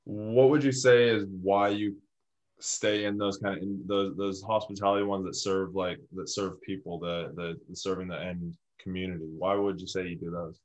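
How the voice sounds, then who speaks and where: Rambling New interviewer, low voice. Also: male voice, little pitch movement, normal speed. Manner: rambling questions with many restarts. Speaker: podcast host. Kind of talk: casual interview.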